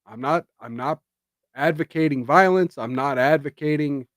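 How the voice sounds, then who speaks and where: A man's voice: fairly high pitch, normal speed, fairly bright tone, no echo, clean studio sound. A man streaming political commentary, sarcastic and emphatic, with indignant rhetorical jabs.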